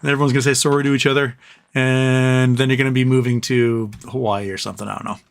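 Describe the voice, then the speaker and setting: A man's voice: mid-range voice, little pitch movement, fast, gravelly. A man hosting a casual livestream, reading viewer messages aloud and joking and rambling between them. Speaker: livestream host reading super chats.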